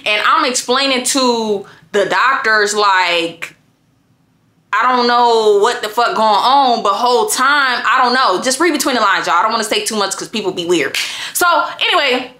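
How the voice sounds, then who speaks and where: A woman telling a personal story to viewers in a casual, profane and animated way. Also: on the high side, moderate pace. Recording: roomy echo.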